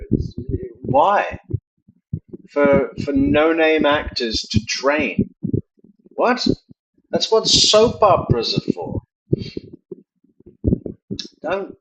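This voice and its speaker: A man rambles through opinionated true crime commentary. His voice is gravelly, and his pitch swings widely as he muses aloud. A steady noise sits under the recording. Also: dull audio. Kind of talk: casual commentary.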